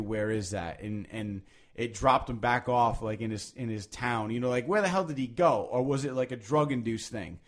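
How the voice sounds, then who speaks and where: Guy hosting a podcast, rambly and worked up, lots of cussing and restarts, average pitch. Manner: rambling, animated, swears freely, many restarts. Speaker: podcast host. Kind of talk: casual podcast chat.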